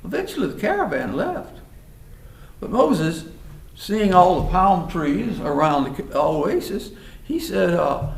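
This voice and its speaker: A man telling a story in a folksy, animated way. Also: sits high, a little slow, gravelly. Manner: animated, folksy, acts out voices. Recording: roomy hall, mic far off.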